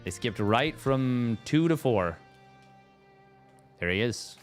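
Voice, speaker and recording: A man's voice: mid-range voice, unhurried, long pauses, soft background music. Playful man casting a live match. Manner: playful, self-mocking, rambling asides. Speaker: esports caster. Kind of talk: live casual game commentary.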